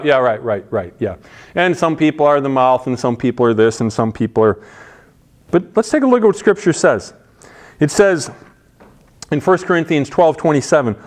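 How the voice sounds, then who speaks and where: A man preaching a conversational sermon, casual and emphatic, often restarting his phrases. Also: fairly high pitch.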